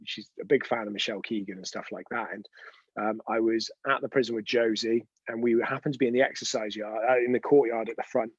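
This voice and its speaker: A man's voice: mid-range voice, fairly even intonation, fast, breathy edge, no echo, muffled recording. A man hosting an unscripted live stream, telling chatty, rambling anecdotes with frequent restarts. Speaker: host of a weekly live show.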